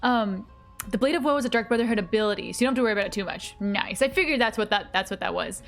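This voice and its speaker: A woman's voice: mid-range voice, very fast, fairly bright tone, faint music behind. A woman streaming a game, chatting casually with her viewers in a bubbly, giggly manner. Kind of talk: casual live-stream chat while gaming.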